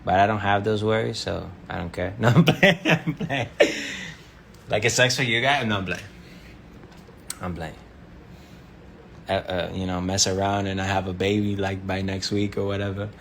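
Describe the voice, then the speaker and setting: A man with a very low voice, talking loosely and slangily to viewers on a livestream. His talk drifts along with plenty of fillers, and a faint hiss of noise sits under it. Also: steady tone, normal speed, vocal fry, pauses often, a bit bright. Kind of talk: casual livestream chat.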